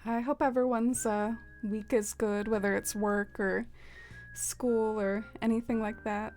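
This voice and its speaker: A woman's voice: a little high, flat delivery, measured pace, a little mellow, soft background music. Chatty woman streaming a game. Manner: chatty, laughs often, lots of fillers. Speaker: livestream host. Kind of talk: casual livestream chat while playing a game.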